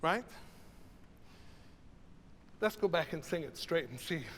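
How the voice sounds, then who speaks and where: Lively high-voiced older man conductor. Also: takes it slowly, long reverb tail, slight background noise. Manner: animated, sings and demonstrates phrases. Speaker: choral conductor. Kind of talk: choral masterclass rehearsal.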